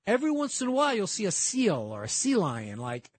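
A man's voice: high-pitched, wildly swooping pitch, fairly quick. A man co-hosting a radio talk show, explaining his points earnestly with frequent restarts. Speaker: radio co-host.

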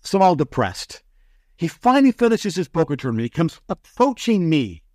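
Male broadcaster guest, animated raconteur, high-ish voice that swings widely. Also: fairly quick, dry recording, clean studio sound. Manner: animated, excitable storyteller. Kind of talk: storytelling in a podcast interview.

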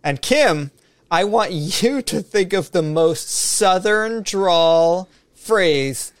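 Upbeat co-host, lively dry voice. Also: male voice, sits high, extremely slow, no room sound. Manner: upbeat game announcer. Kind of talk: casual chat.

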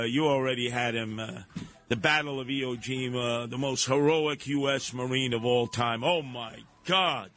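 A man hosting a radio talk show, delivering a sarcastic, animated monologue. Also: medium pitch. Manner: sarcastic, animated, mocking put-on voices.

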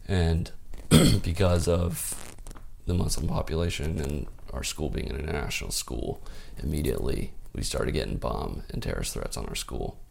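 A man telling a personal story in a laid-back, casual way, full of "like" and "dude", growing animated and proud as he goes. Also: a bass voice, moderate pace, creaky, slight background noise. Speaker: podcast guest.

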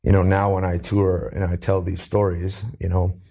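A low, gravelly man with a husky, dark tone tells his own story in an interview. He is earnest and acts out what others said to him, lifting his voice for the quotes. He is from Canada. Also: level tone, normal speed. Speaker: interview guest.

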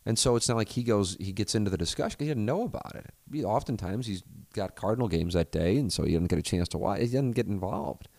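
A man's voice: fairly low pitch, lively intonation, quick pace, creaky, few pauses, a little mellow, dry recording. A middle-aged American man hosting his own podcast, talking alone in a candid, rambling way with frequent restarts and the odd swear word. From United States. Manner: rambling, candid, self-correcting, profane. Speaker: podcast host. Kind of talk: solo casual monologue.

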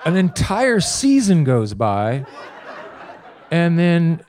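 A male comedian guest telling a story on a live show stage, animated and laughing between lines. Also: on the high side, extremely slow, slight background noise.

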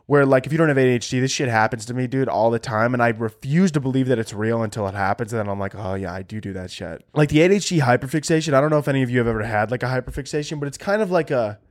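A young man hosting a comedy podcast, ranting in a sarcastic, profane way, his voice jumping high when he gets worked up. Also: rapid-fire, few pauses. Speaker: podcast host.

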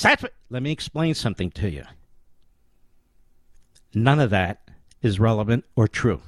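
A man's voice: fairly low pitch, lively intonation, unhurried, pauses often, no echo. A man hosting a political talk show, delivering an emphatic, declamatory commentary monologue with lots of rhetorical repetition.

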